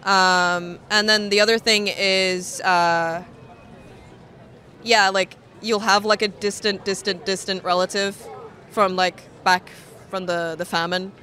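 A woman's voice: mid-range voice, little pitch movement, takes it slowly, bright, forceful tone. A woman from Russia with an American accent, chatting frankly and laughing easily in a casual street interview.

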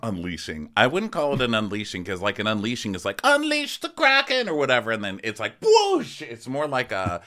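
A podcast co-host in a casual comedic recap, animated, rambling and playful. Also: medium pitch, fast, few pauses.

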